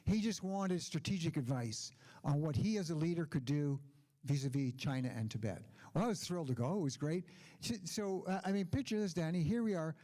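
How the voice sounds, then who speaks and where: A man's voice: fairly high pitch, lively intonation, brisk, dark tone. An older man giving a conference keynote speech, telling stories with asides. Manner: anecdotal storytelling with asides. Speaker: keynote speaker.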